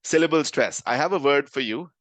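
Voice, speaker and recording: A man's voice: on the high side, animated, fairly quick, a bit bright, no echo. A man teaching a live online lesson, conversational and often checking in with his listeners. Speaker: communication trainer.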